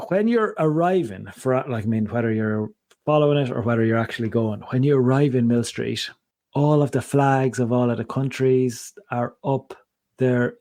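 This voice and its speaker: A man's voice: fairly low pitch, darkish tone, no echo. A man co-hosting a podcast in casual chat, rambling and digressive, often breaking off mid-sentence. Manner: rambling, digressive, self-interrupting. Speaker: podcast co-host.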